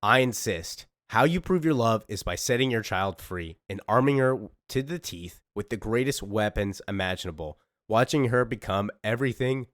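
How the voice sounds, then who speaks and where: A fierce young warrior princess speaks in a solemn, declaiming way, read aloud by a man. The voice sits fairly low and the sound is dry and close, with no room around it. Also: no room sound.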